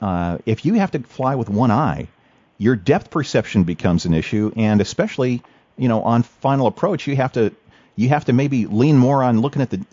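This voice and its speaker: A man's voice: fairly low pitch, a little mellow, no room sound. A man hosting an interview who talks hesitantly, with many fillers and restarts. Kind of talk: casual interview chat. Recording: dull lo-fi recording.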